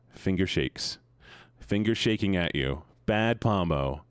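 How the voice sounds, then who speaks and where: A low-voiced man chats with his stream audience in a teasing, sing-song manner, his pitch leaping up and down constantly. The sound is dry and close, with almost no room around it. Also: animated, slow pace, smooth, dry recording. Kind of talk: casual chat greeting viewers.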